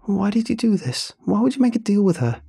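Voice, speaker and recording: A frantic young woman on the edge of tears, her pleading voice pitched high and shrill, as a male narrator puts her on. The tone stays soft and husky, dark rather than bright, with faint music underneath. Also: animated, fairly quick, no echo, studio quality, exaggerated voice. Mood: anguished. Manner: shrill, pleading, sobbing delivery. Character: desperate tearful young woman, trapped and pleading.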